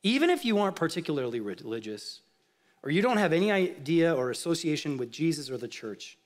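Lively, high-voiced preacher man. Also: fairly quick. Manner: rhetorical questions, rising to emphatic outrage then dropping low. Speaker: pastor. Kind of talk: sermon.

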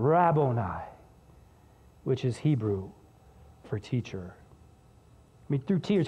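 Man, pastor, sermon, high-pitched, energetic conversational preaching, long hall reverb. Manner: energetic, conversational preaching that drops low and soft for scripture.

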